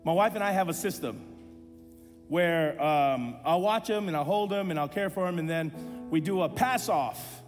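A man in his thirties, a pastor, preaching a sermon and telling a personal story with animated self-deprecating humor. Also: a little high, moderate pace, in a large hall, soft background music.

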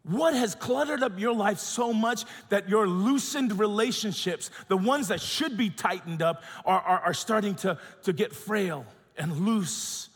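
A middle-aged man preaching a sermon, telling a personal story in an animated way, acting out quotes and going soft and quiet in tender moments. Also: high-pitched, measured pace, few pauses, breathy edge, in a large hall. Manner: animated storytelling, acts out quotes, drops to soft tones when emotional. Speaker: pastor.

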